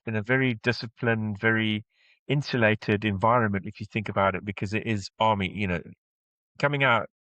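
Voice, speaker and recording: Low-voiced male interviewer, dry sound. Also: fairly quick, sharp tone, no room sound, poor audio. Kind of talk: casual interview.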